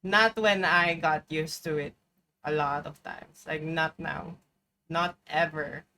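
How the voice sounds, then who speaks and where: A woman's voice: low voice, steady tone, slow, sharp tone. A young adult woman streaming live, chatting casually over gameplay, rambling, swearing freely and breaking into sudden outbursts.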